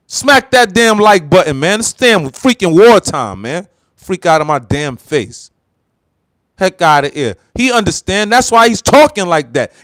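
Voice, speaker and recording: A man's voice: high voice, expressive, a little slow, fairly bright tone, no echo. An American man hosting a heated political commentary livestream, fired up and repeating himself as he talks straight to viewers. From United States. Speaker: livestream host.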